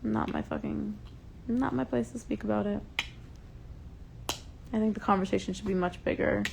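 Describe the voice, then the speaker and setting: A woman's voice: mid-range voice, steady tone, moderate pace, vocal fry, noisy background. A young woman hosting a casual livestream from home, passionately ranting and swearing, openly upset. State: upset and enraged. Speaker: livestream host. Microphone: phone.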